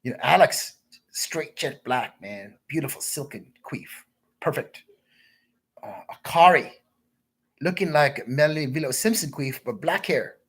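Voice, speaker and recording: A man with a husky, breathy voice rambles through crude, repetitive stories on a livestream. His pitch swings widely up and down as he talks. He breaks off to read viewer comments aloud. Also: lively intonation, measured pace.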